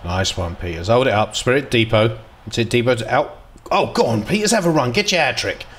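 A man giving casual, excitable commentary while playing a football management game, dropping to mutters and jumping to loud outbursts. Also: medium pitch, a little fast, a little hiss or hum. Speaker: gaming video host.

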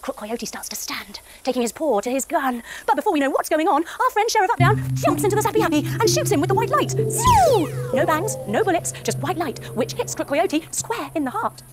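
A woman narrating an animated yoga adventure for children, with gasps, sound effects and pose instructions. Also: very high voice, brisk, hardly any pauses, over music. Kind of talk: kids yoga story narration.

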